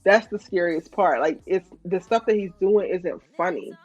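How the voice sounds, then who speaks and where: A woman hosting a casual recap show, animated and exasperated, reading out viewer comments. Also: fairly low pitch, normal speed, dry recording, muffled recording, faint music behind.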